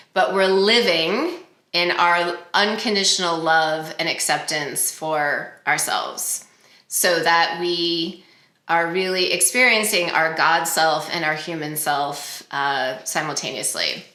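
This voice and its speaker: Slow, earnest woman in an echoey room. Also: lowish voice. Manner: gentle, earnest, halting with fillers. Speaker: host. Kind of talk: reflective spiritual self-help talk. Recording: roomy echo.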